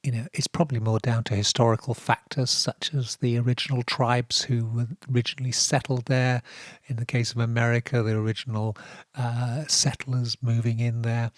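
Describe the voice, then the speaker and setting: A man with a Norfolk accent hosting a radio show, telling odd stories in a relaxed, wry way with many fillers. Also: medium pitch, moderate pace, dry recording, studio quality. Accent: Norfolk English. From England. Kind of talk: relaxed radio talk with dry asides.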